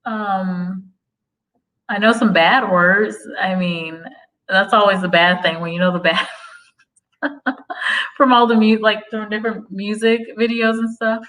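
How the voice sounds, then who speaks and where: A woman's voice: medium pitch, fairly even intonation, slow pace, pauses often, a bit bright, poor audio. A young woman from the United States chatting on a live stream, reading viewer comments aloud and answering them. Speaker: livestream host. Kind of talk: casual livestream chat.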